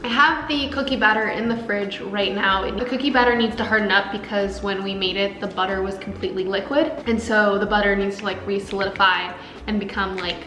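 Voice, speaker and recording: A woman's voice: mid-range voice, steady tone, a little fast, sharp tone, roomy sound, a little hiss or hum, poor audio. A young woman casually chatting through a cooking and eating vlog, upbeat and full of filler words. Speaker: food vlogger.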